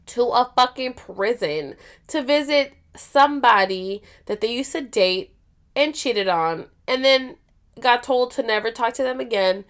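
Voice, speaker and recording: A woman's voice: on the high side, unhurried. A young woman hosting a podcast, casually telling a story, swearing a lot and acting out what others said. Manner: animated, heavy swearing, acts out quoted dialogue. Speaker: podcast host.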